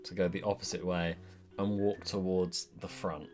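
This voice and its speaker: A man's voice: deep voice, level tone, moderate pace, a little mellow, soft background music. Scheming man playing a tabletop game. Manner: scheming, swearing, joking. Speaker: player.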